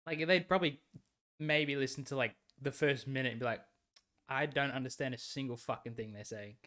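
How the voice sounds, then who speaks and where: A man's voice: mid-range voice, steady tone, brisk, sharp tone. Laughing man telling stories. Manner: laughing storyteller, swears freely. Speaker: podcast co-host. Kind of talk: casual chat.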